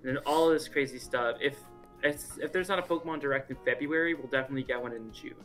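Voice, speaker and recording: A young man chatting casually about game predictions, excitable and rambling. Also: medium pitch, quick pace, soft background music. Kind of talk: casual gaming chat.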